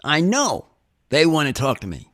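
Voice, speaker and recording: A man hosting a casual podcast, talking in an eager, excitable way. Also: moderate pace, no echo, studio quality. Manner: eager, excitable, swooping pitch. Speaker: podcast host. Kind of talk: casual chat.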